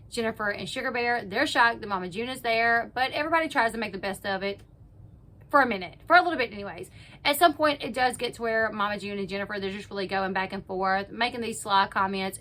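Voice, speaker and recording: A woman's voice: fairly high pitch, sharp tone. A woman hosting her own channel, casually recapping a reality show episode and quoting the people in it with lots of "like" and "you know".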